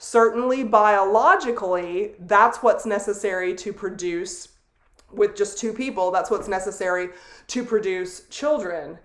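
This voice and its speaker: A middle-aged woman lectures on sociology in a deliberate, explanatory way, pausing for asides and the odd filler. Her voice sits at an ordinary middle pitch, and the room around her rings with a noticeable echo. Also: fairly bright tone. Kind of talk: recorded classroom lecture. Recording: roomy echo.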